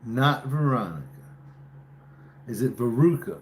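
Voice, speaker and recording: A man hosts a relaxed livestream, talking straight to his viewers in a loose, teasing way as he tries to guess their names. His voice sits at an ordinary middle pitch. A faint hum of noise runs underneath. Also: unhurried. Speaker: livestream host. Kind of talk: casual live-stream chat with viewers.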